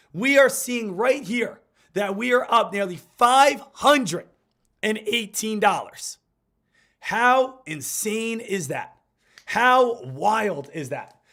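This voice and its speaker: A hoarse man, getting over an illness, giving hyped, repetitive live market commentary as a stock trading streamer. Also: high-pitched, a bit bright.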